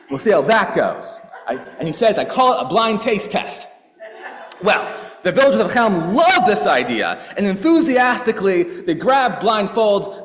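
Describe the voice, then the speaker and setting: A man leading a synagogue service, telling a folk tale playfully and laughing often, then making warm announcements. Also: sits high. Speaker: congregation leader. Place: synagogue hall. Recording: echoey hall with long reverb.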